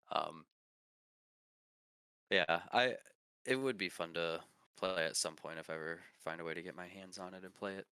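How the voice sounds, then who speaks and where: A very deep-voiced man with a bright, forceful edge chats casually as a podcast co-host. His voice is smooth and resonant, recorded dry and close. He rambles and hunts for words as he talks. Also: measured pace, long pauses, no room sound. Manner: rambling, searches for words, laughs often. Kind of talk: casual chat.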